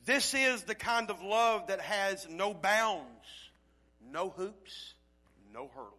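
A man preaching from the pulpit in a high, bright voice. His phrasing is folksy and plain-spoken. He rises to loud, fervent calls, then drops to low, quiet stretches. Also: expressive, takes it slowly. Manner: swings from loud preaching to near-murmur. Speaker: pastor. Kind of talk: sermon.

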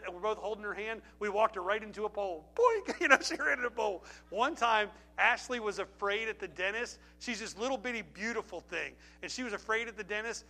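A man's voice: sits high, pushed and bright. A middle-aged man preaching a sermon, telling stories with emphasis and repeating phrases before an altar call. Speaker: pastor.

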